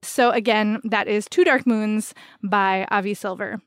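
A woman's voice: mid-range voice, a little slow, dry recording, studio quality. A woman co-hosting a podcast, chatting casually and enthusiastically about books with lots of "like" fillers. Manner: animated, filler-heavy, enthusiastic. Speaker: podcast co-host. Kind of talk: casual book-recommendation chat.

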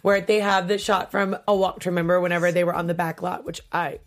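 A woman co-hosts a relaxed talk show about a TV series, sitting a little low in her range. She gushes and chats along easily, with plenty of ums. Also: fast, faint music behind. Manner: chatty, gushing, many fillers. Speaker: podcast co-host. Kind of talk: casual chat about a TV show.

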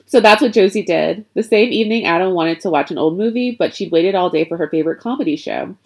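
Expressive woman storyteller, lowish voice. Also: quick pace. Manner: expressive, chatty, stumbles and laughs at her own jokes. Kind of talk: reading a story aloud with asides.

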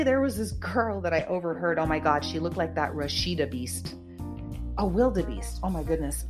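A woman's voice: lowish voice, lively intonation, moderate pace, over music. A woman hosting her own show, talking casually in a rambling, emphatic way with lots of ums and uhs. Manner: rambling, emphatic, with many fillers. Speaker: podcast host. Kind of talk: casual monologue.

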